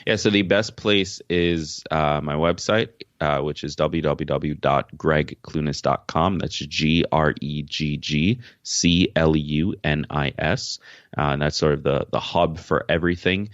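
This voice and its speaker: A young man with a very deep, low voice talks through interview questions in an easy, relaxed way, dropping plenty of "uh"s and laughing easily. He grew up in Jamaica. His audio sounds dull and dry, like a lo-fi remote call. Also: unhurried, dry recording. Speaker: podcast host and author, guest. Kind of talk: casual interview answers.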